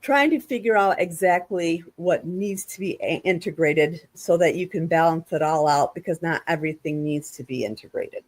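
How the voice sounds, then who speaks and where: A woman's voice: lowish voice, normal speed, few pauses. Chatty woman hosting a panel. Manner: chatty, explains at length with frequent restarts. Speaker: podcast host. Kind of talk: casual panel discussion. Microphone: video call.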